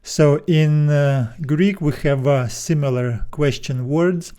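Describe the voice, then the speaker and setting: Mellow-voiced male language teacher. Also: on the high side, clear, resonant tone. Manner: patient, slows down to spell out words. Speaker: Greek teacher. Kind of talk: explanatory video lesson.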